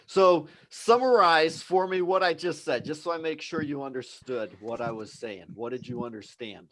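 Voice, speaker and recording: A man's voice: fairly high pitch, normal speed, fairly bright tone, low-quality recording. Upbeat encouraging male English teacher. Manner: explanatory, encouraging, conversational. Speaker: English teacher hosting a live class. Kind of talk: live online lesson.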